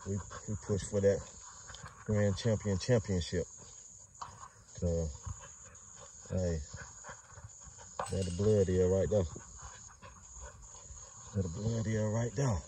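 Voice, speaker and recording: A man's voice: low-pitched, steady tone, takes it slowly, pauses often, dark tone, recorded from a distance, slight background noise. A man breeding dogs, talking loosely in rambling street slang and filming his yard on a phone. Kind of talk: casual outdoor vlog narration.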